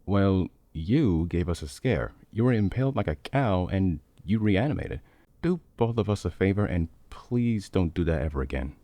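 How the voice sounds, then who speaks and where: A man voicing a calm, easygoing middle-aged brother who has lived abroad for decades, in a relaxed, teasing way, for a fan-made audio story. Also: deep voice, moderate pace, dry recording.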